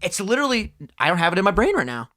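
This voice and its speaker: A young man co-hosting a podcast in casual chat, excitable and swearing often, breaking into high laughs. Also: rapid-fire. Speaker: podcast co-host.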